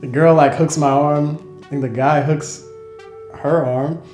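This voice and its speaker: A young man, a travel vlogger, casually telling a story to camera in a relaxed, slangy way with frequent laughs. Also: fairly high pitch, measured pace, roomy sound, soft background music. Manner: laid-back, laughing, slangy, acts out quotes.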